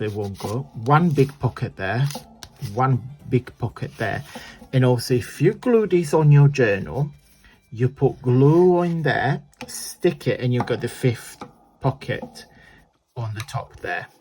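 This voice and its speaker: A man hosting a casual crafting tutorial, chatty and self-deprecating as he talks while he works. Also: medium pitch. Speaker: crafting channel host.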